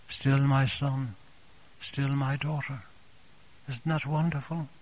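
Here a man preaches with tenderness and gentleness, softly echoing his own phrases while addressing listeners as dear friends. His voice is a little high.

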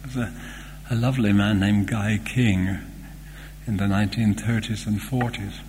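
An older man preaching a sermon in a church, earnest and slow, with fond asides. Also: on the low side, fairly even intonation, darkish tone. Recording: long hall reverb, faint hum.

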